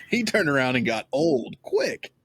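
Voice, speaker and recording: A man in his thirties hosting a podcast, telling family stories in a relaxed, chatty way. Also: on the high side, slightly rough, dry recording, studio quality. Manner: chatty, storytelling, laughs often. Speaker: podcast host. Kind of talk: casual chat.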